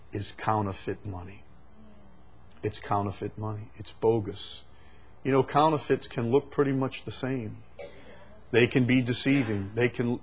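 A man preaching a sermon, moving from quiet, conversational explanation to loud, emphatic, repeated declarations. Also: mid-range voice, breathy edge. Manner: swings from quiet explaining to shouted emphatic climaxes.

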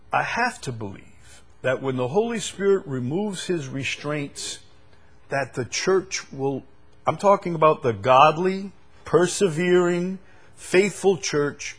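A man preaching a sermon who swings from loud, emphatic declarations down to low, quiet scripture reading. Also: animated, measured pace, husky.

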